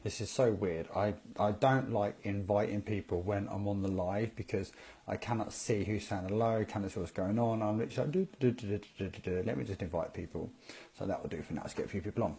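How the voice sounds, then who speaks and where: A man's voice: on the low side, brisk, gravelly, warm tone. A man hosting a casual live video stream on network marketing, upbeat and chatty, greeting viewers one by one by name. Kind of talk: casual Facebook Live talk.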